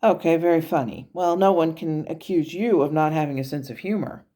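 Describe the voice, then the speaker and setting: A woman calmly recounting her channelled conversation with an angel in a wry, reflective manner. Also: low-pitched, fairly quick. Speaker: spiritual channel host.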